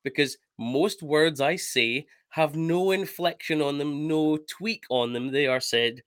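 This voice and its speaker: A Scottish man co-hosting a podcast, teasing his co-host in animated, casual chat. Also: fairly high pitch, slow pace, clear, resonant tone, no echo, clean studio sound. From Scotland.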